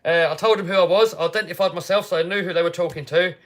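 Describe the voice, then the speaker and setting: A British man hosting a livestream, telling a story casually and animatedly, dropping to mutters and rising to loud outbursts. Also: high voice, steady tone, very fast. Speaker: livestream host.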